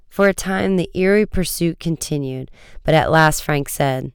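A man narrating a storybook chapter in a steady, measured reading. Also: on the high side, gravelly, smooth, no room sound, studio quality. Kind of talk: audiobook reading.

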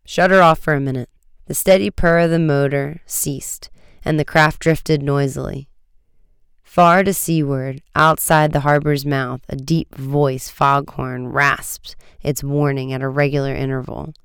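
A man narrating a storybook chapter in a steady, measured reading. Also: medium pitch, vocal fry, clean tone, dry recording, clean studio sound. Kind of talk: audiobook reading.

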